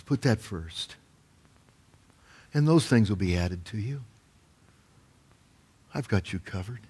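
A man preaching as pastor, retelling a parable with lively acted-out voices. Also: lowish voice, husky. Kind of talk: sermon.

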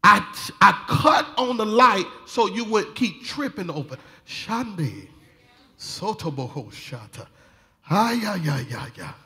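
A man preaching a sermon in a folksy style, laughing often and rising to shouted fervor. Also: high voice, big pitch swings, slow pace. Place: church sanctuary.

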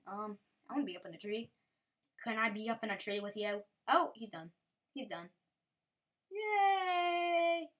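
A woman chats loosely over her gameplay in an easy, mid-pitched voice. She rambles and giggles as she goes. Now and then she slips into playful sing-song asides. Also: a bit bright. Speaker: gameplay commentator. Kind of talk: casual game commentary.

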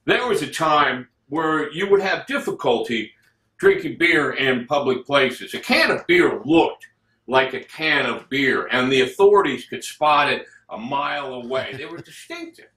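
A man delivering a scripted comic rant about drinks, building up to shouts. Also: fairly high pitch, very animated, slow. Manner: ranting, escalating to shouts. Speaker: comedian reviewing drinks. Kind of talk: scripted comedic monologue. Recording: roomy echo.

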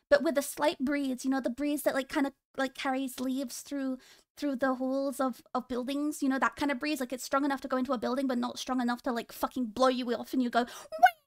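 A young woman streams and chats with her viewers in a playful, teasing tone, breaking into giggles often. Her voice sits very high. The sound is dry and close, with no room around it. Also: fairly bright tone, no echo. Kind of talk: casual stream chat.

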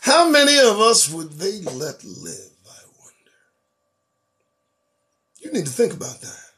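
A man hosts his own show with a high, animated voice that leaps around in pitch. He talks in a preachy, profane political monologue, swinging from loud emphasis to low, muttered asides. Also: moderate pace. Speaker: host.

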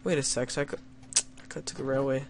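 A man's voice: medium pitch, level tone, fast, a little hiss or hum. Young man narrating a game, wry and playful. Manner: reads story lines in mock-dramatic tone, then jokes wryly at himself. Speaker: gamer playing an adventure map. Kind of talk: let's play commentary.

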